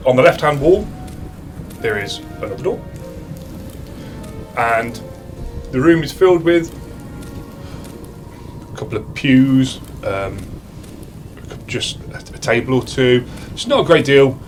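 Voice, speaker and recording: A British man narrating as dungeon master in a casual, halting way, with frequent restarts and fillers. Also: mid-range voice, animated, faint music behind. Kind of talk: narrating a tabletop game.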